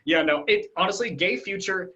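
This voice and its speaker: A man talks casually as a guest, wandering through his answers with lots of fillers and self-corrections. His voice is bright and forceful. The audio is dull and lo-fi, like a video call. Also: sits high, normal speed. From Ireland. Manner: rambling, many fillers and restarts. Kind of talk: casual interview chat.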